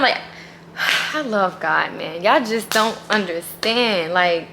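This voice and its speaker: A woman's voice: medium pitch, slow pace, creaky, bright, forceful tone, a little hiss or hum. A woman vlogger talking casually and earnestly about her faith, emphatic and full of "like.". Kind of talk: casual faith vlog talk.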